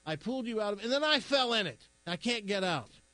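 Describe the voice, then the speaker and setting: A man's voice: high voice, expressive, fast, sharp tone, a little hiss or hum, voice pushed up. A man voicing a fretful chicken that is stuck in a hole while he tells a joke. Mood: exasperated.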